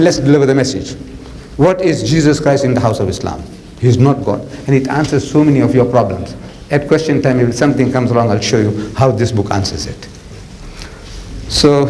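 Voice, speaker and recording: A man's voice: a little high, slight background noise, poor audio. A man in his seventies with a South African accent, preaching in a colloquial, theatrical storytelling style, sprinkling in "man" and "you know". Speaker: Islamic preacher. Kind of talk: animated storytelling lecture.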